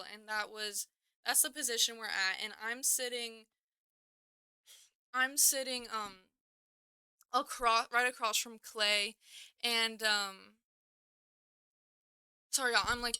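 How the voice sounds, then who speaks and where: A woman's voice: fairly high pitch, sharp tone, clean tone, no echo. A young woman telling a personal story in a casual, rambling way, full of "like"s and self-corrections. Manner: rambling, filler-heavy, with many "like"s and self-corrections. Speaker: storyteller vlogger.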